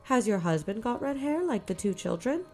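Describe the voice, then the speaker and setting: A woman voicing a young schoolteacher who speaks brightly and chattily. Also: on the high side, very animated, moderate pace, faint music behind, pitched above the performer's own voice.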